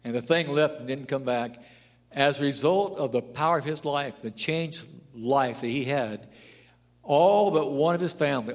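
A pastor preaching a sermon, telling stories and rising to loud, emphatic declarations. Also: male voice, medium pitch. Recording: long hall reverb.

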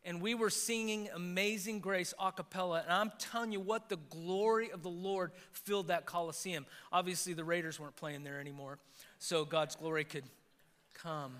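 Pastor guy preaching, high bright voice, gets loud then goes quiet, echoey church hall. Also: moderate pace. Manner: animated preaching, swings between hushed and emphatic. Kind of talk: sermon. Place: church sanctuary.

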